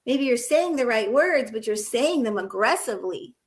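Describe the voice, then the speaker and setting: A woman's voice: fairly high pitch, animated, normal speed. A woman who teaches nursing, talking earnestly in an interview and illustrating her points with short acted-out examples. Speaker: nursing educator and guest. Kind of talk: conversational interview, storytelling.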